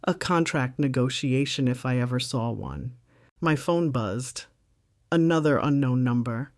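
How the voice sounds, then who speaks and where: A woman's voice: a bass voice, expressive, a little slow, a little mellow, dry recording, clean studio sound. A middle-aged woman narrating her own story in the first person with a composed, wry, reflective delivery.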